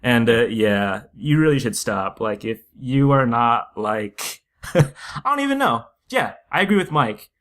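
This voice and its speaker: A man's voice: mid-range voice, very animated, measured pace, fairly bright tone. A man co-hosting a podcast in casual chat, joking and laughing often. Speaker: podcast co-host.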